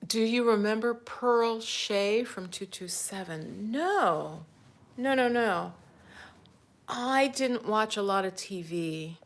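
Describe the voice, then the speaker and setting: A woman's voice: mid-range voice, slow pace. A middle-aged American woman chatting casually with viewers as a spiritual coach, laughing often and dropping to a whisper for asides. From United States. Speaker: spiritual coach and livestream host. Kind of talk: casual livestream chat.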